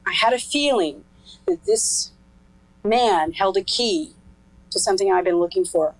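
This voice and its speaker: A woman's voice: mid-range voice, animated, a little slow, no room sound, low-quality recording. A middle-aged woman giving candid personal testimony in an interview, frank and earthy, laughing now and then as she tells it. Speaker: interviewee telling her life story.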